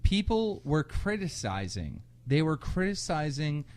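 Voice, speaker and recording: A man co-hosting a casual podcast, a bit tipsy, loud and laughing, telling stories with crude language. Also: on the high side, big pitch swings, measured pace. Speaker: podcast co-host. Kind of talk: casual drunk podcast chat.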